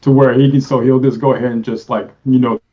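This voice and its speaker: Man, tabletop player, rambling, filler-heavy, mid pitch, dull lo-fi mic. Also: little pitch movement, fast, warm tone, soft background music. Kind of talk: casual chat in a tabletop role-play.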